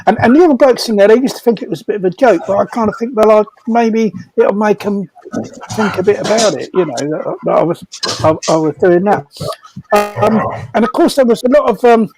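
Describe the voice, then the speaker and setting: A man's voice: sits high, lively intonation, fairly quick, darkish tone, a little hiss or hum, low-quality recording. An older man telling prison anecdotes casually, repeating words and laughing as he goes. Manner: rambling, repeats words, laughs through his stories. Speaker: storyteller at a comedy fundraiser.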